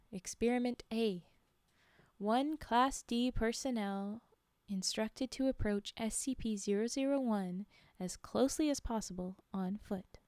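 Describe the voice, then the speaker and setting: A young woman streamer reading spooky stories aloud and chatting with viewers in giggly, animated asides. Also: a little high, dry recording, clean studio sound.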